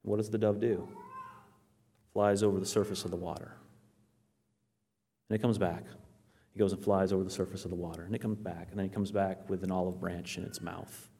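Lower-voiced man teaching a sermon. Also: brisk, creaky, pauses often, husky. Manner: asks questions and answers them himself; animated storytelling, quotes scripture aloud. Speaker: Bible teacher.

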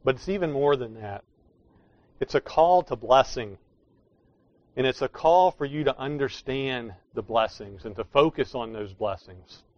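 A man's voice: medium pitch, animated, a little slow, a little mellow, no echo, dull audio. A man preaching a sermon, explaining scripture in an emphatic way that leans hard on key words. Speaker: pastor.

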